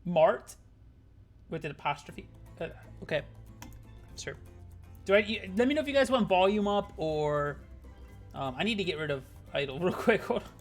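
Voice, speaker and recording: Casual male streamer, swears a lot, bouncy high voice. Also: lively intonation, moderate pace, pauses often, faint music behind. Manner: rambling, swears freely, talks to chat. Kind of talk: casual live-stream gaming chat.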